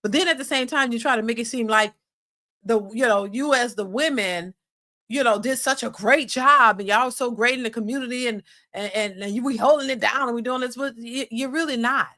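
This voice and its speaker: Casting: woman host, high bright voice, emphatic live-stream commentary with frequent restarts. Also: fairly quick. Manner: animated, restarts often, emphatic. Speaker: reaction channel host.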